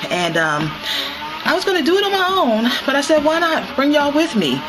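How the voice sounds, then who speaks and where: A woman's voice: high voice, sing-song, normal speed, music in the background, low-quality recording. A woman vlogging casually to her viewers while walking on a treadmill at home, slightly winded, recorded on a handheld camera. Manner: chatty, addresses viewers as y'all, laughs often.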